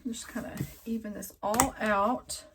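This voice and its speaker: A quilting video host speaks a little slowly in a mid-range, fairly even voice while leading a casual sewing tutorial. Frustrated with her work, she rambles and talks to herself, a sewing machine audible in the background.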